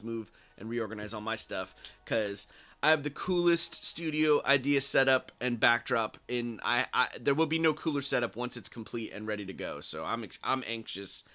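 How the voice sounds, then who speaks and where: A man chatting on a livestream from a home studio, laughing often and talking excitably with many restarts. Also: mid-range voice, moderate pace. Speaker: guest co-host. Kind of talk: casual livestream chat. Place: home studio in a bedroom corner.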